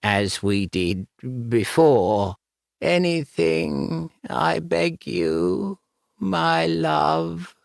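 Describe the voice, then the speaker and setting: Cold, croaking ghost of a dead woman, read by a man, high and pleading, drawn out slow. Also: dry recording, clean studio sound, full character voice. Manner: slow, hushed, beseeching.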